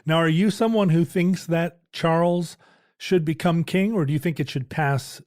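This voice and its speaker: A man co-hosting a podcast, chatting casually and playfully, quick with quips. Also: a little high, darkish tone, dry recording, studio quality. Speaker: podcast co-host. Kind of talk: casual chat.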